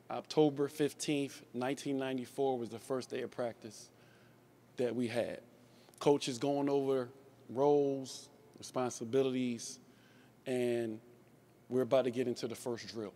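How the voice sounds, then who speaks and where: A man's voice: medium pitch, darkish tone. Man telling stories at a memorial. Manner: storytelling, repeats and restarts words, laughs along. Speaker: former player giving a tribute speech. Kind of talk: anecdotal memorial speech.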